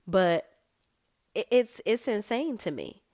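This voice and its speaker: A woman's voice: medium pitch, expressive, slow, a little mellow, dry recording, studio quality. A woman recapping a TV episode in a casual, sassy, blunt way, full of slang. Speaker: TV recap vlogger.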